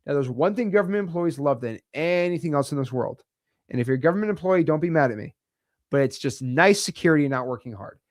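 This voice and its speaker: American man, fairly high voice, dry close sound, blunt casual coaching. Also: animated, quick pace, no echo. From United States. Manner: blunt, emphatic and chatty, with slangy asides. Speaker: real estate wholesaling coach. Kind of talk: casual teaching to camera.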